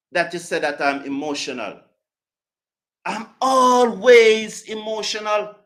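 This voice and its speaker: A man's voice: high voice, sharp tone. A man hosting a cricket live stream, answering chat comments with passion, emphasis and lots of repetition. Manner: passionate, emphatic, repeats himself. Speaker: cricket show host.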